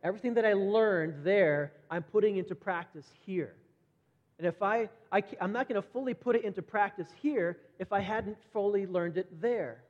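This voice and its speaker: A middle-aged man preaching a sermon conversationally, repeating words as he goes and brightening when he acts out quoted voices. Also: high-pitched, moderate pace. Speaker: pastor. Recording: dull lo-fi sound with long hall reverb.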